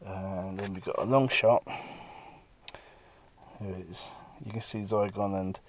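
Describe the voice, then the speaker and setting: A man with a fairly low voice talks casually through the comic pages he has drawn. He rambles from panel to panel and slips into bits of the characters' dialogue as he goes. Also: steady tone, a little slow, slight background noise. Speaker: comic artist.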